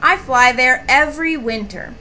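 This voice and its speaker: A woman's voice: high-pitched, moderate pace, bright, forceful tone, slight background noise. A woman voicing a friendly duck in a storybook, speaking cheerfully and plainly.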